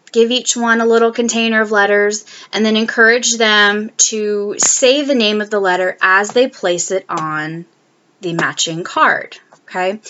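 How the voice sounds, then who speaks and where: A woman's voice: mid-range voice, fairly bright tone, dull audio. A woman explaining early literacy activities for the classroom, with frequent "um"s and "okay?" check-ins. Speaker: teacher education student presenting.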